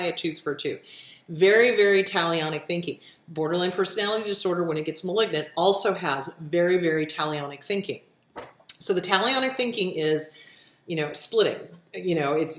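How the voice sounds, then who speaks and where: A woman's voice: fairly low pitch, fairly bright tone, roomy sound. Blunt, profane woman giving advice. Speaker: therapist host answering viewer questions. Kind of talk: casual advice talk.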